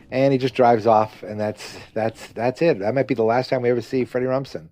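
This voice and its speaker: A man's voice: mid-range voice, fairly even intonation, mellow, dry recording, soft background music. A man hosting a podcast, recapping a TV episode in a casual, rambling way with many fillers and restarts, briefly acting out characters' lines. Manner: acts out characters' lines in quick asides. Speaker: podcast host.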